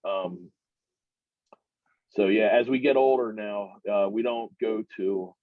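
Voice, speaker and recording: A middle-aged man on a podcast, telling a long, rambling personal story that climbs much higher in pitch as he gets worked up. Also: slow pace, no room sound. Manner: rambling, animated storyteller who climbs high when excited. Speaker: podcast guest. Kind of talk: casual storytelling. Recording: muffled, dry recording.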